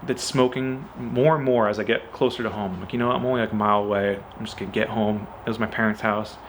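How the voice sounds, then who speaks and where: A man's voice: lowish voice, fast talker, slight background noise. Chatty man telling a car story. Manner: chatty, fills with "like" and "you know"; animated, acts out quoted dialogue. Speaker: car owner. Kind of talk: casual storytelling to camera.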